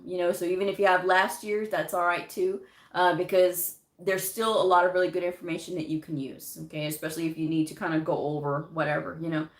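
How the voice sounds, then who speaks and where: A woman's voice: mid-range voice, a bit bright. Chatty woman giving advice, echoey room. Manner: chatty, laughs often, many fillers and restarts. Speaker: medical coding vlogger giving job advice. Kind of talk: casual advice monologue.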